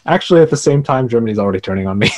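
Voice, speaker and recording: A man's voice: mid-range voice, animated, racing, darkish tone. A man chatting about a strategy game he played, easygoing, chuckling often and thinking aloud. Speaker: fellow Diplomacy player. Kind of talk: casual conversation about a game.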